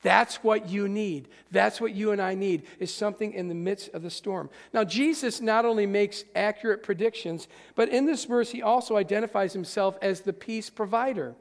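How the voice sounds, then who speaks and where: A man preaches in a high, gravelly voice, and his words trail off into the long reverb of a big church hall. He talks straight to his congregation, emphatic, moving between hushed and forceful. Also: normal speed, hardly any pauses. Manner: addresses the congregation directly. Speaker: pastor. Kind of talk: sermon.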